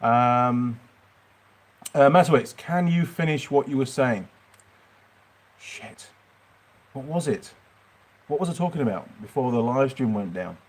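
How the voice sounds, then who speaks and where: A man's voice: medium pitch, animated, measured pace, pauses often. Man, Yorkshire accent, middle-aged, chatty, rambling, livestream Q&A, workshop. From Yorkshire, England. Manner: chatty, rambling, answers viewer questions. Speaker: mechanic channel host. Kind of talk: livestream Q&A chat.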